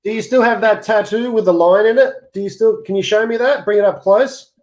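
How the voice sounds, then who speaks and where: A man's voice: high-pitched, fairly quick. A man co-hosting a casual podcast interview, chatty and prone to stumbling restarts. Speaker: podcast co-host.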